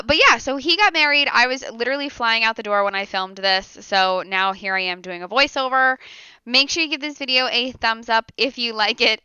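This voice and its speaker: Bright, chatty young woman with a slightly nasal, sick voice. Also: fairly high pitch, clear, resonant tone, dry recording. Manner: chatty and giggly, rambling with fillers. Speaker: beauty vlogger. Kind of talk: casual makeup tutorial voiceover. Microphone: close voiceover mic.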